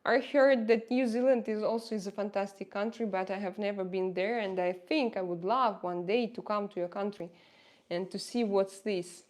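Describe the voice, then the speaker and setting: A woman's voice: medium pitch, fairly even intonation, moderate pace, a little mellow. Woman with a Russian accent, hesitant. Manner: hesitant, searching for words with many fillers. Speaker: livestream host reading viewer chat. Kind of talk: casual livestream chat.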